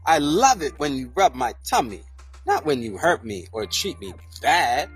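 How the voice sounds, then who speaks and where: A reader reading a children's picture book aloud in a slow, sing-song way. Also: mid-range voice, huge pitch swings, slightly rough, soft background music. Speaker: storybook reader.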